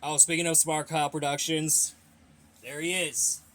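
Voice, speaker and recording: Young guy doing a q&a, kinda high voice, rambly and blunt, bit out of breath. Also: level tone, moderate pace, a bit bright. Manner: rambling, repeats himself, blunt opinions. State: a little out of breath. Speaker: host of a fan Q&A channel. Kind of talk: casual Q&A reading viewer questions.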